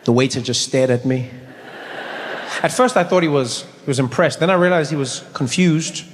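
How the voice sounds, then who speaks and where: A male stand-up comedian telling a story in an animated, exasperated way, rising to shouts. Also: fairly high pitch, normal speed. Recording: echoey hall with faint noise.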